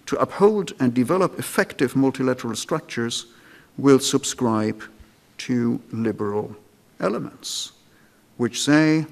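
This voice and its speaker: Measured and deliberate, a man presents a formal public lecture in a lecture hall, at times going back to restart a phrase. His mid-range voice carries vocal fry.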